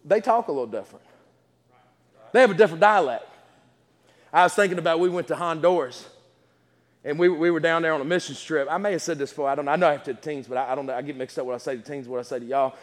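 A man's voice: a little high, quick pace. A man preaching a sermon in a church, telling folksy stories with lots of stammered restarts. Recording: reverberant church hall.

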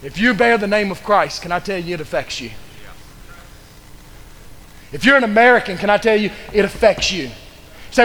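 High-voiced preacher in a reverberant church. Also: male voice, fairly quick, fairly bright tone. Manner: fervent preaching with repeated rhetorical questions. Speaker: pastor. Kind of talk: sermon. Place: church sanctuary.

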